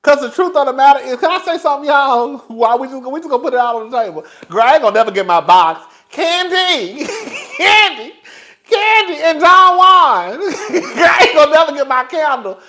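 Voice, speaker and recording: High-pitched guy doing gossip commentary, sassy, cussing, cracking up a lot. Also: fast talker, few pauses. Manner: laughing, animated, profane, sassy, talks to the chat as "girl". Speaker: YouTube commentary host.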